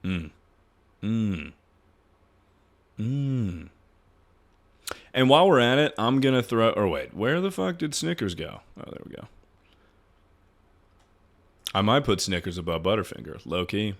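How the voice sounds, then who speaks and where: A young man in his twenties rants on a livestream with a low voice that swings widely in pitch. He talks casually and swears freely, jumping from grumbling lows to excited highs. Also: a little slow, long pauses. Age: 20s. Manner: animated, profane ranting. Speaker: streamer.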